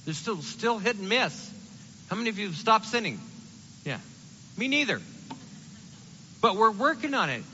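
A man preaching a sermon in an animated, conversational way, acting out the quotes he reads. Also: high-pitched, normal speed, long pauses, big-room sound, dull audio, slight background noise.

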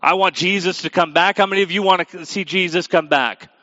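A pastor preaching a sermon, reading scripture aloud and asking the congregation questions, moving between quiet and emphatic delivery. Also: male voice, high-pitched, steady tone, brisk, dry recording, lo-fi sound. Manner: asks the audience questions directly.

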